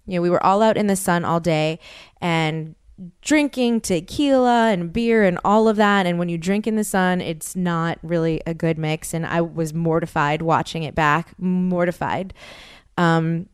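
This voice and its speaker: A woman's voice: lowish voice, unhurried, clean tone, no room sound, studio quality. A woman in her thirties hosting a podcast, speaking candidly and emotionally with frequent restarts and self-deprecating laughs. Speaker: podcast host. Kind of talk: candid personal monologue.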